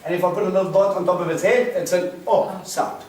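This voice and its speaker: A man's voice: sits high, fairly even intonation, fast talker, a little mellow. A man teaching a Bible study to a small group, explaining Hebrew words and quizzing the class. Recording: roomy, distant mic with faint hiss.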